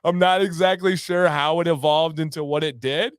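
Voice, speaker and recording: An upbeat man hosting a casual livestream, chatting with his viewers in a playful way. His voice sits high and comes across smooth and resonant. The sound is close and dry, with no room echo. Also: steady tone, normal speed. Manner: upbeat, reads chat aloud and breaks into playful raps. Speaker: livestream host.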